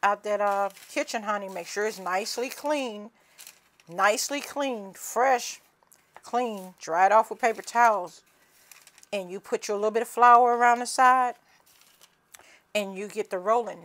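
A woman's voice: medium pitch, moderate pace, fairly bright tone. Folksy Southern woman teaching home cooking. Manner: folksy, chatty, calls viewers honey and cousins. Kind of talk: casual cooking demonstration.

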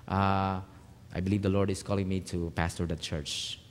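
Pastor guy preaching, goes quiet then loud, echoey church hall. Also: sits low, flat delivery, moderate pace. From Philippines. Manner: storytelling, swings from hushed to loud emphatic. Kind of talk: sermon.

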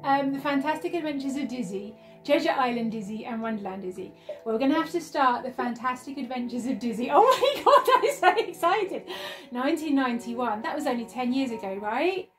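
A woman's voice: fairly high pitch, a little fast, faint music behind. A woman vlogging an unboxing and playing a retro game at home, gushing, squealing and laughing often. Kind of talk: excited unboxing and gameplay chat. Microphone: phone.

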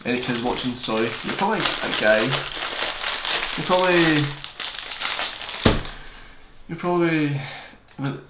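A young man reviewing a gadget on camera in a fast, joking, rambling way. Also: a little high, expressive. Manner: fast-talking, joking, digressive. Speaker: tech reviewer. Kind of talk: casual rambling product review. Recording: echoey room, faint hiss.

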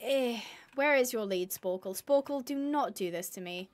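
High-pitched woman streaming a game, rambly and self-mocking, chatting to her animals. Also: animated, moderate pace. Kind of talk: live gameplay commentary.

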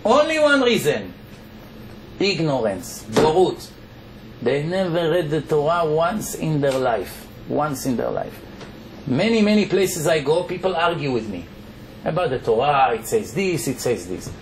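High-voiced Israeli rabbi lecturing. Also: male voice, sing-song, unhurried. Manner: emphatic, rhetorical questions answered himself. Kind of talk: Torah lecture to a congregation. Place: lecture hall. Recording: echoey hall with faint background noise.

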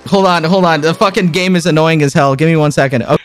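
A young man hosting a live stream, chatting casually and excitably, swearing and laughing often. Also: a little high, fast talker, music in the background. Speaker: streamer host.

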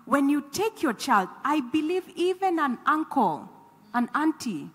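A woman's voice: high-pitched, very animated, unhurried. A woman preaching, earnest and exhorting, repeating phrases for emphasis. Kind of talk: church teaching on scripture. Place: church hall. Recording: echoey hall.

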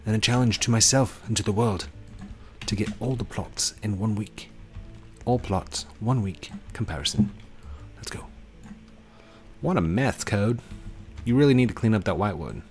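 A man giving casual let's play commentary as a gaming YouTuber, goofy and playful, talking to his viewers. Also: fairly low pitch.

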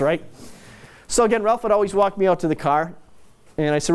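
A man delivers a talk to a business audience through anecdotes, speaking in a relaxed, conversational way. His voice sits a little high, and he drops casual, self-mocking asides between story beats. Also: fast, pauses often. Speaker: corporate speaker.

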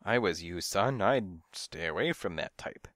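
A man's voice: low voice, animated, measured pace, a bit bright, no echo, studio quality. A man voicing a nosy, fussy old woman who scolds and gossips from her windowsill in a storybook reading. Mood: gossipy. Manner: fussy, scolding, hard of hearing.

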